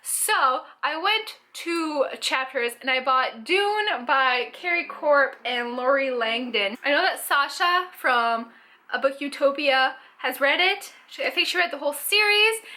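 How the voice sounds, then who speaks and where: A young woman from Canada talks through a casual book haul vlog. Her voice sits high and sounds sharp and bright. She chats eagerly, full of likes and ums. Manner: chatty, enthusiastic, lots of fillers. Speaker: book vlogger.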